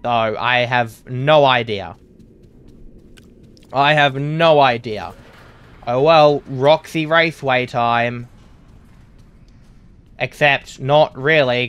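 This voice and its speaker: A man's voice: medium pitch, slow, pauses often, a bit bright, clean tone. A man giving casual gameplay commentary, sarcastic and swearing at the game's characters. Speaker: gaming YouTuber.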